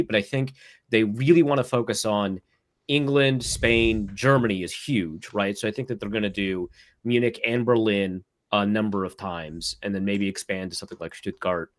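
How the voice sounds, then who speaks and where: A man's voice: lowish voice, moderate pace. A man who writes about football, chatting casually on a podcast and telling a story with lots of acted-out dialogue. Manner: animated storyteller, acts out quoted dialogue.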